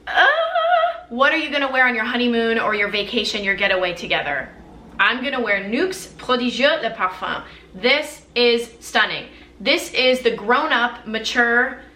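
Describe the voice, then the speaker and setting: A woman's voice: a little high, bright, forceful tone, roomy sound. A young woman reviewing perfumes in a casual, effusive and playful way, with dramatic gushing. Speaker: beauty vlogger.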